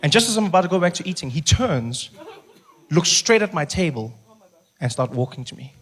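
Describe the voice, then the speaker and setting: A male comedian with a South African accent, telling a story on stage in an animated, self-mocking way, acting out his own nervous thoughts. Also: on the high side, brisk. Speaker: stand-up comedian. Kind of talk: stand-up storytelling. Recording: live show with audience noise.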